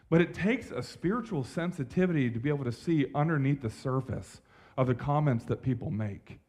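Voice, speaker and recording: Young male pastor, mid-pitched, preaching a sermon from a church stage; animated, conversational delivery with slang and asides. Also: a little fast, slightly rough.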